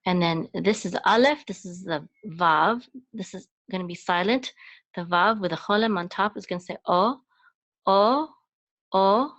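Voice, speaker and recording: A woman's voice: mid-range voice, measured pace, a bit bright. A woman teaching a Hebrew lesson, patiently explaining each letter and sound step by step. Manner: patient, explaining letter by letter, chanting phrases in a sung voice. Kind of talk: slow step-by-step language lesson.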